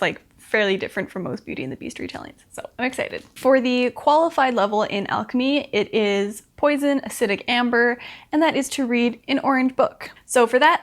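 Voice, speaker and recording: Chatty young woman, slightly high voice. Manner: chatty, filler-heavy, upbeat. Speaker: book vlogger. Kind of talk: casual chat to camera.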